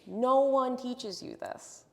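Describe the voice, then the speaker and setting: A woman's voice: sits high, takes it slowly, darkish tone, in a large hall. A woman health coach talking earnestly and passionately, explaining things step by step as a podcast guest. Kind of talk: casual interview chat.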